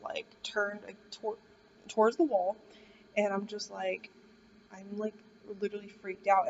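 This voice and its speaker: A woman's voice: medium pitch, vocal fry. A young woman vlogger telling a scary story in casual, rambling speech full of "like". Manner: rambling, heavy use of "like". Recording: dull distant recording with faint hiss.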